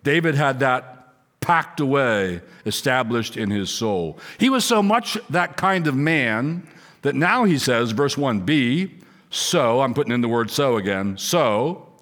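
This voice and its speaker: A man's voice: sing-song, unhurried, a bit bright. Earnest middle-aged male preacher. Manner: earnest, repeats key words, drops low for asides. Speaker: pastor. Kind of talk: sermon. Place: church before a congregation.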